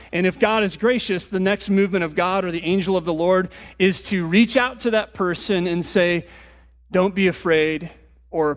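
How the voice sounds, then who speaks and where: A man's voice: high-pitched, long reverb tail. A man preaching a sermon, explaining scripture in a conversational way with casual asides. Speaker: pastor.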